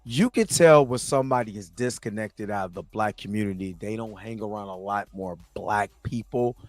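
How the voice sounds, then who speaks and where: A man's voice: medium pitch, dry recording. A man hosting a reaction show, delivering heated, impassioned commentary with frequent stumbles and restarts.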